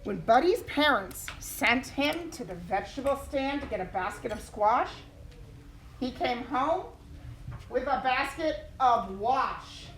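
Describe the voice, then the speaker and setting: High, expressive woman reading a story aloud. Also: slow pace, slight background noise. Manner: expressive, questioning the class. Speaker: teacher. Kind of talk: class read-aloud.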